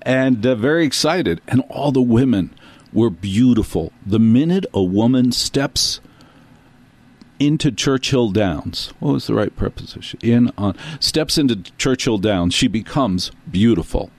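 A man's voice: mid-range voice, animated, unhurried, darkish tone, no room sound. A man from New Jersey who hosts a talk show, telling a rambling, self-deprecating story full of asides. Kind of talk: storytelling monologue.

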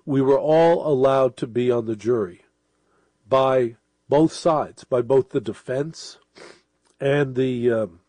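Dark-voiced radio host with a cold. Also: male voice, medium pitch, slow pace, no room sound. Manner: rambling, conversational, with restarts and asides. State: sniffling with a cold. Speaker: late-night radio host. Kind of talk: casual monologue to listeners.

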